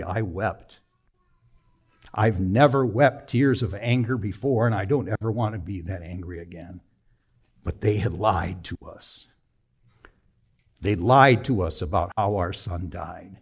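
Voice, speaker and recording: Preaching in a voice on the low side, this middle-aged pastor shares an emotional personal story during his sermon, building from quiet tones to emphasis.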